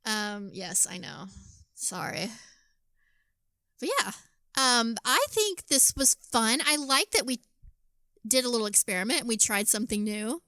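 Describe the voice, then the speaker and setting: A woman co-hosting a podcast, chatting casually and telling animated stories with plenty of swearing. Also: a little high, a little slow, pauses often, no echo, clean studio sound. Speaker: podcast co-host. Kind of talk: casual chat.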